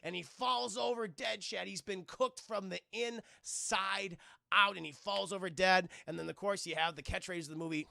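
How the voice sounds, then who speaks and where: A man's voice: high-pitched, fairly even intonation, moderate pace, creaky, sharp tone, dry recording, studio quality. A man casually recapping a movie on a live stream, rambling and cursing and constantly addressing his chat. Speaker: film reviewer and streamer. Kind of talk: casual livestream film review.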